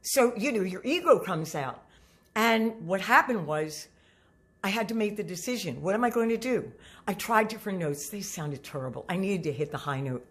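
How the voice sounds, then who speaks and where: A woman's voice: medium pitch, expressive, normal speed, fairly bright tone. A middle-aged woman singing teacher giving a motivational talk to camera, earnest and coaching, often repeating herself.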